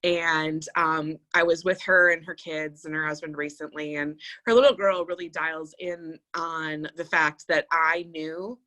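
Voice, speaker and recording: Bright-voiced woman chatting on a podcast. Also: sits low, steady tone, a little slow, few pauses. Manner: rambling, reflective, many fillers. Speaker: podcast co-host. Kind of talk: casual chat.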